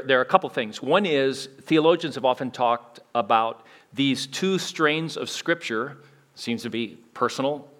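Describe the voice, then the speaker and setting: A man preaching a sermon in a conversational way, with frequent restarts and big swings between loud emphasis and quiet asides. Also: medium pitch. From United States. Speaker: pastor.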